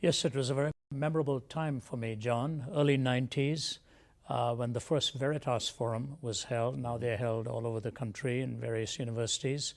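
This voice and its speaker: A man as an interview guest, telling a personal testimony in a measured, reflective way. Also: mid-range voice, steady tone, a little mellow. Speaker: guest speaker.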